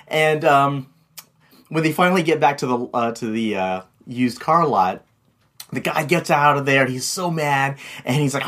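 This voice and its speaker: A man's voice: fairly high pitch, normal speed, fairly bright tone. Chuckling, rambling man. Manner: rambling, chuckling, hesitant with many restarts. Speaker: marketing vlog host. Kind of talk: casual talking-head tip video.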